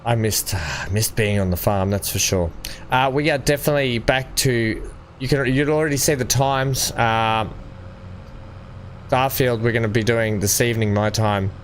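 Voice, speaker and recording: A young man hosts a farming game livestream, chatting casually with live viewers and laughing often as he reads the chat. His voice is medium-pitched and his pace moderate, with a little hiss or hum in the audio.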